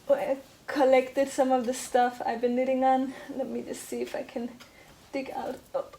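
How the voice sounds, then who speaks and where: A woman's voice: high-pitched, level tone, normal speed, dark tone, slight background noise. Chatty young woman, rambling with fillers. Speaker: knitting podcast host. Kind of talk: casual chat. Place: home.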